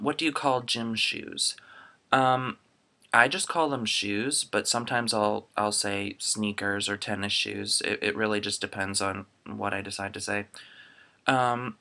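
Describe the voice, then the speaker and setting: A man's voice: lowish voice, creaky, sharp tone. A young man from Florida chatting casually through a dialect survey into his laptop webcam, rambling with lots of ums. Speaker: vlogger.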